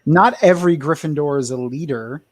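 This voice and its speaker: A man's voice: fairly high pitch, brisk, no echo. A man speaking on a casual panel, rambling with many likes and restarts.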